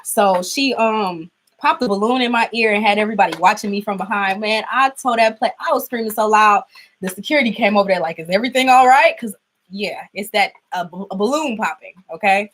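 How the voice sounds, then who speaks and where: A woman's voice: medium pitch, a little fast, a bit bright, poor audio. A young adult woman chatting casually through a tarot reading, laughing often. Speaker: tarot reader.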